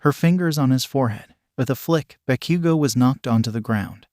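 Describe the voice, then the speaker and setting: A man narrates a fanfiction story in a steady, even storytelling manner. His pitch sits in the middle range, and the recording is dry and close with no room sound. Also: fairly quick, no room sound. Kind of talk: reading fanfiction aloud.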